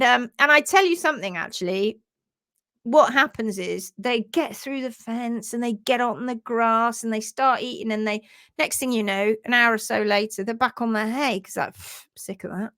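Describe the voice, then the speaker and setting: A chatty woman hosts a live stream about horse care, reading viewer comments aloud and reacting with quick laughs. Her voice sits a little high for a woman, and she acts out quotes in playful voices. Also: a bit bright, no echo, studio quality.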